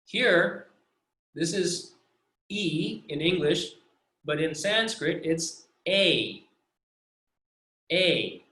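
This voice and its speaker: A man's voice: a little high, pushed and bright, echoey room. A man teaching an online language lesson, drawing out each sound and having students repeat after him. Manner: slow, patient, drawn-out syllables. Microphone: video call.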